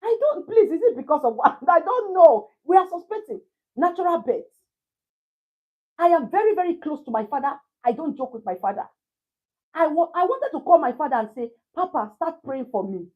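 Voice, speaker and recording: A Nigerian woman in her thirties telling a personal story to a live chat in a casual, animated way, laughing often and slipping into pidgin. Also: extremely high pitch, brisk, narrow, tinny audio. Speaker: livestream host.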